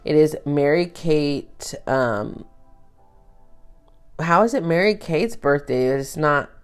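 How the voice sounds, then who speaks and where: A woman's voice: sits low, lively intonation, slow, clean tone, soft background music. A woman hosting a tarot podcast, talking about astrology in a casual, rambling way, full of fillers and the odd swear word. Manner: rambling, chatty, drops swear words, many fillers.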